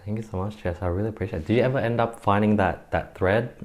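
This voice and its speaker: A man with a very deep, low voice hosts a casual interview. He asks questions hesitantly, with small laughs and restarts. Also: fast talker, a little mellow. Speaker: podcast host.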